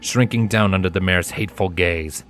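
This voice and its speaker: Deep-voiced man narrating a story. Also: normal speed, a bit bright. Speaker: fanfiction reader. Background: faint background music.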